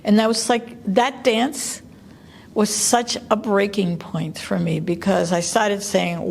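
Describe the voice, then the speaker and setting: Gravelly-voiced Cuban-born woman storyteller. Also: mid-range voice, slight background noise. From Cuba. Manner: lively, conversational, quick bursts with fillers. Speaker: co-director of a family arts program. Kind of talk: personal storytelling to camera.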